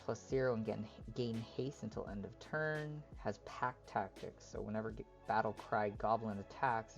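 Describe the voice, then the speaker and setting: A man on a live stream, chatting casually and reading card text aloud as he opens packs. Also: fairly low pitch. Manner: reads card text aloud in a relaxed running commentary.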